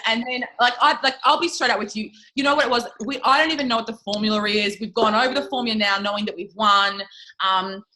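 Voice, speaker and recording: A woman's voice: a little high, fast talker, pushed and bright, a little hiss or hum, low-quality recording. A woman telling a story in a casual interview, chatty and swearing freely, with lots of "like" fillers. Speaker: interview guest, network marketing leader.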